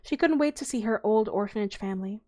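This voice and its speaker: A woman reading a children's novel aloud in a relaxed, unhurried way, with small slips as she goes. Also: mid-range voice.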